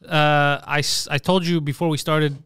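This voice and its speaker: A man's voice: fairly high pitch, little pitch movement, normal speed, fairly bright tone, clean tone, no echo, studio quality. A man hosting a comedy podcast, brashly roasting his co-hosts with crude insults in casual banter. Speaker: podcast host.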